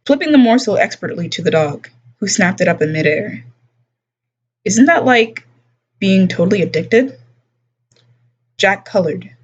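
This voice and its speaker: A woman streamer reads a novel aloud in an unhurried, plain narrating voice, now and then tossing in offhand asides. Her tone is a little breathy and husky. The audio is dull and lo-fi, like a home stream mic. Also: medium pitch. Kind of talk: casual read-aloud of a novel.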